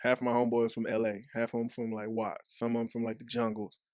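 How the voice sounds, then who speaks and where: Young man, Texas accent, casual profane storytelling, mid pitch, dry close sound. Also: completely flat delivery, fast talker, a little mellow, no echo. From Dallas, Texas. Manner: loose, profane storytelling full of "like" and acted-out quotes. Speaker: podcast guest, former football player. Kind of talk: casual chat.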